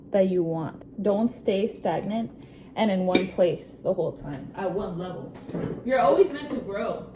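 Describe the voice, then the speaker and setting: A young woman in her twenties chats to camera from her kitchen, sharing advice in an upbeat, easygoing way. Her voice sits at an ordinary middle pitch, and she drops in the odd Spanish phrase. A steady hum of background noise runs under the home recording. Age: 20s. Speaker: vlogger. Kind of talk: casual vlog talk to camera.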